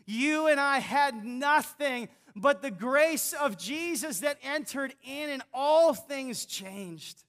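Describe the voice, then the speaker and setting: A male pastor preaching a sermon, telling a story and swinging from hushed, slow lines to excited shouting. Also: very high voice. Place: church.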